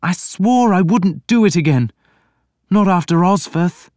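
Male narrator playing young prince, anguished, bitter, pitched up and pressed, dry read. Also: measured pace, darkish tone, no echo. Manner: strained, pleading.

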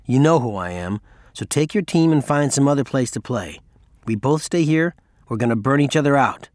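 A man voicing a brash young male card counter who talks in a loud, slurred, drunken babble. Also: mid-range voice, animated, normal speed, no room sound, studio quality, lightly acted. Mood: blunt.

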